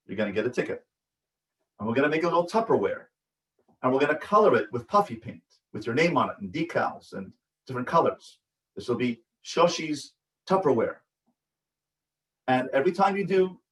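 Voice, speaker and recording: A man, a rabbi, giving a parenting lecture in an emphatic, repetitive way that keeps checking in with his listeners. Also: on the high side. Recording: echoey room, voice from a distance.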